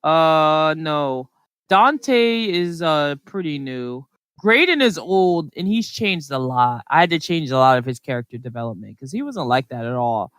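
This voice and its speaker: Co-host, casual podcast chat, smooth clear voice, dry close sound, rambly with lots of "like" and "um". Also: mid-range voice, lively intonation, measured pace, fairly bright tone, dry recording. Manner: rambling, filler-heavy storytelling.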